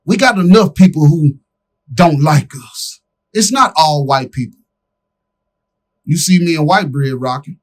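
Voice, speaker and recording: A man co-hosting a podcast, speaking in an impassioned, preaching way, full of slang, swinging between loud calls and quiet asides. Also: a little high, expressive, a little slow, long pauses. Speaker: podcast co-host.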